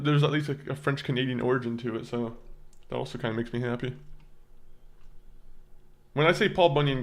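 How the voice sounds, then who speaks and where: A young man chatting casually with viewers on a live stream, rambling and often stammering and repeating words. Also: medium pitch.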